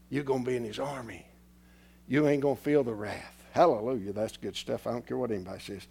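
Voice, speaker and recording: A man preaching a sermon, swinging from loud declarations to hushed, near-whispered lines. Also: medium pitch, fairly quick, vocal fry, slightly rough.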